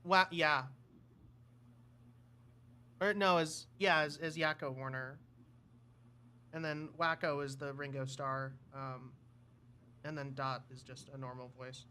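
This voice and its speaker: A man's voice: mid-range voice, slow, pauses often, slight background noise. A man co-hosting a livestream, chatting casually and laughing often. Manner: animated, laughs often, tries cartoon voice impressions. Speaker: livestream co-host. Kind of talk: casual chat.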